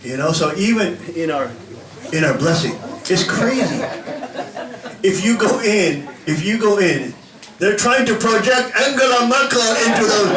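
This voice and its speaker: A man preaching a sermon, animated and laughing often as he acts out little scenes for the congregation. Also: sits high, slow, long pauses, roomy sound, recorded from a distance, a crowd in the background, low-quality recording. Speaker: pastor. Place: church hall with an audience.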